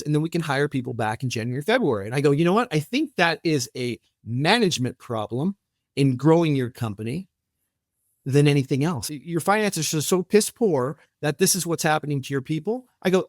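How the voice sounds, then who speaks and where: A company founder on a podcast, speaking a little fast with a higher-leaning voice, recorded at studio quality with no echo. In this casual interview he tells stories with animation, performs the dialogue, and keeps restarting his sentences.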